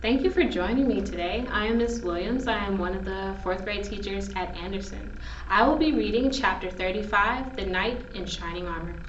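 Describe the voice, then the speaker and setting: A woman's voice: mid-range voice, moderate pace. A woman who teaches fourth grade, reading a storybook chapter aloud. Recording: distant roomy lo-fi recording with faint noise.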